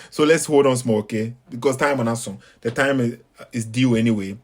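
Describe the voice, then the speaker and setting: A man's voice: medium pitch, normal speed. A man with a Ghanaian English accent, talking casually to his audience while waiting for a call, repeating his points emphatically. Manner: preachy, repeats himself, emphatic. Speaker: online debate host. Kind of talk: casual commentary between calls.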